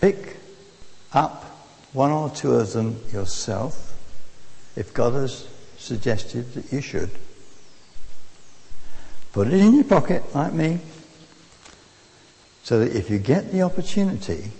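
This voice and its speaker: Lively preacher in a church hall. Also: male voice, medium pitch, takes it slowly, vocal fry, pauses often. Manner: storytelling, lively and conversational. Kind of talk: anecdotal sermon. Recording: long reverb of a church hall.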